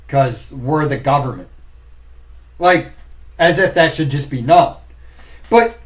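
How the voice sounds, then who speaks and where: A man hosting a live stream, talking casually and rambling as he addresses his viewers directly. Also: a little high. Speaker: streamer host.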